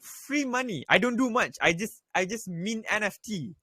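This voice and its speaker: A man's voice: sits high, animated, moderate pace, sharp tone, dry recording. A young man and student giving blunt, profanity-laden crypto advice in a casual voice chat, repeating his points. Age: young adult. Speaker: crypto trading voice chat host.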